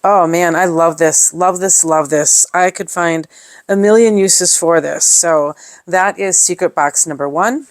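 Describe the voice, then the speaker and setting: Woman, low voice, dry close recording, chatty unboxing, gushing, thinks aloud. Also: measured pace, no echo. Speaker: scrapbooking product reviewer. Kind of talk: casual unboxing show-and-tell.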